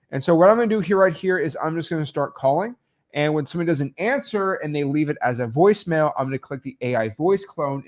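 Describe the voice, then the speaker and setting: A young man coaching wholesaling in a loose, rambling tutorial, full of fillers and restarts. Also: fairly high pitch. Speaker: real estate wholesaling coach. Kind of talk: casual screen-recorded tutorial.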